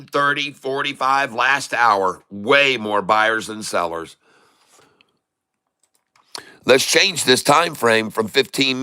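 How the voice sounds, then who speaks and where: Excitable folksy day trader, bright voice. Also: male voice, medium pitch, smooth. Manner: excitable and folksy, repeating phrases for emphasis. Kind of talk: live trading commentary.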